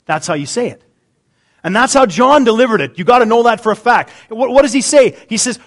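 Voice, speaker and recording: A middle-aged man preaching a sermon, humorous, swinging between loud emphasis and quiet asides. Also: extremely high pitch, animated, fast. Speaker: pastor.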